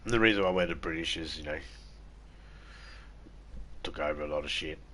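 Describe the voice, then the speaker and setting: A man's voice: very deep voice, fairly quick, fairly bright tone. An Australian man streaming a game, chatting casually with irreverent jokes and plenty of swearing. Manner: joking, irreverent, swears freely. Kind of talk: casual gameplay chat.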